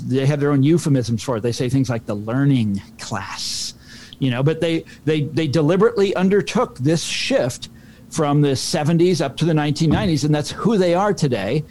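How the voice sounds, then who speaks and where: A male author guest explains his ideas at length, often stumbling and restarting words. His voice sits a little higher than most men's. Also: a little mellow. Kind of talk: interview answer.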